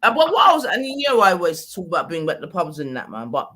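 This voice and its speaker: A man's voice: high voice, huge pitch swings, fast, bright, forceful tone, a little hiss or hum. A man in casual, hesitant, slangy podcast chat. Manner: hesitant, filler-heavy, slangy.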